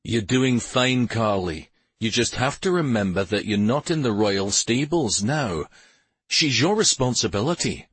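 A man voicing a loyal, steady guard captain with a clipped, matter-of-fact manner in a storybook reading. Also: mid-range voice, measured pace, husky, no room sound. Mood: kindly.

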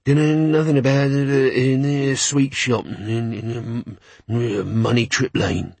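A man's voice: medium pitch, level tone, unhurried, gravelly, a little mellow, no echo. A man voicing a soggy, shifty male gnoll scavenger that mumbles evasively with a bubbling, snuffling voice.

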